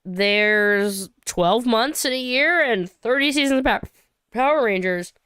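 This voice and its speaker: A woman from Saint Louis hosting a casual livestream, chatty and quick to laugh and cheer, on a close home mic. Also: a little high, a bit bright, clean tone, no room sound. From Saint Louis, USA. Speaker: livestream host.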